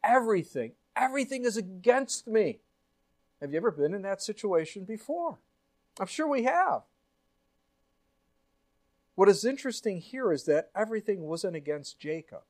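A man's voice: sits high, big pitch swings, normal speed, pauses often, a little mellow. A man, a pastor, preaching a sermon in an earnest way, full of rhetorical questions and acted-out quotes. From United States.

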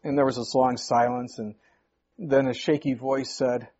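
A man's voice: mid-range voice, flat delivery, moderate pace, a little mellow, slightly rough. A male pastor preaching a sermon, emphatic, his voice rising sharply on key points. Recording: muffled lo-fi recording.

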